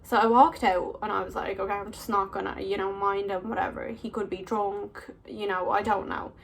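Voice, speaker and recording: A woman's voice: mid-range voice, little pitch movement, moderate pace, creaky. Chatty young woman telling stories. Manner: chatty, many "like" fillers, laughs often. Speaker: vlogger. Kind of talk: casual storytelling.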